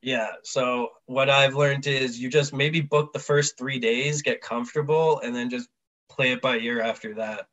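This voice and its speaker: A young man from Canada, a podcast guest telling lively travel stories and acting out the people he met. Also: medium pitch, measured pace. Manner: animated storyteller, acts out quoted people. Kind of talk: casual chat.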